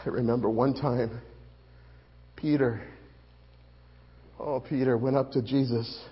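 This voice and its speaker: A man acting a grieving male disciple at the crucifixion, in a dramatic monologue, halting and repeating his words, on a dull lo-fi recording. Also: medium pitch, fairly even intonation, husky, pitched below the performer's own voice. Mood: sorrowful.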